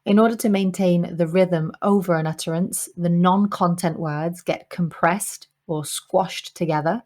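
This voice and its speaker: A woman teaching English pronunciation in a scripted lesson, her voice sitting slightly low. She explains in a clear, measured way and slows right down when she models example sentences. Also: steady tone, a little mellow.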